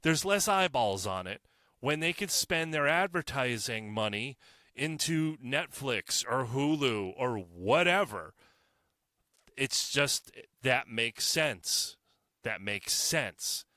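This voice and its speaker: A man's voice: medium pitch, sharp tone, dry recording, studio quality. Crude, profane man ranting on a podcast. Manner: rambling with frequent restarts. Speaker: podcast host. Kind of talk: solo opinion podcast rant.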